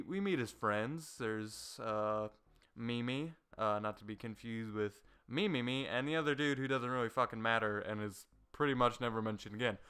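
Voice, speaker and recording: Excitable young man rambling with swears. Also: mid-range voice, smooth. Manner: excitable, swears a lot, many fillers and restarts. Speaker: anime reviewer. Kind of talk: casual rambling review.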